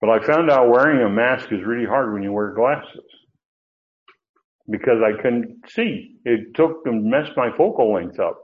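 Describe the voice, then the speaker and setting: A man's voice: mid-range voice, animated, unhurried, narrow, tinny audio. An older man preaching an expository sermon in a folksy, digressive way, with many restarts and asides. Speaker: pastor.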